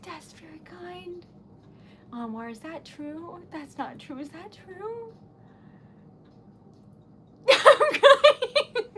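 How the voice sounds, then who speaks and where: A woman livestreamer with a very high voice talks slowly while tearful and giggly, laughing through tears. She stammers and gushes thanks in a flustered way. Faint noise sits under her desk-mic sound. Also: animated. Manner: breathless gushing thanks. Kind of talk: casual livestream chat.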